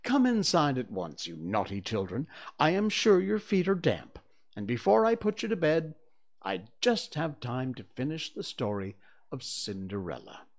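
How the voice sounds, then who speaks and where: A man's voice: medium pitch, sing-song, moderate pace. A man voicing a young girl who earnestly takes on the role of mother to a band of boys, speaking in a prim, motherly way.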